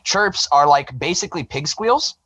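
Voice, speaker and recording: A man who grew up in the American South talks as a podcast guest. His voice sits a touch high for a man and swings all over the place as he goes. He rambles and swears through a loose, animated conversation. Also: normal speed, no room sound, poor audio. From Southern United States. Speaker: guest, band vocalist. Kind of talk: casual podcast chat.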